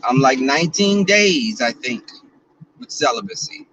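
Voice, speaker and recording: A man's voice: fairly high pitch, expressive, measured pace, gravelly, fairly bright tone, far from the mic, lo-fi sound, a little hiss or hum. A man, chatting casually and bawdily to viewers while he drives. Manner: chatty, bawdy and playful, talks to viewers and reads out their comments. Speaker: vlogger. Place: in a car.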